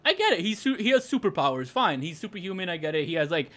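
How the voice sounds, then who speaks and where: A young man chats over his game stream, ranting and laughing with plenty of swearing. His voice sits high and bright, and it leaps around constantly as he gets worked up. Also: big pitch swings, fast. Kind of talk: casual gaming stream chat.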